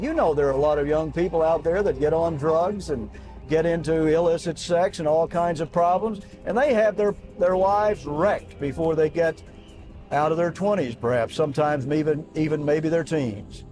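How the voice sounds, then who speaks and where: Emphatic high-voiced male preacher. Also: normal speed, darkish tone, soft background music. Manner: emphatic, rising on rhetorical questions, reads quotes aloud. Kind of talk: outdoor sermon to young people. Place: outdoors at a camp.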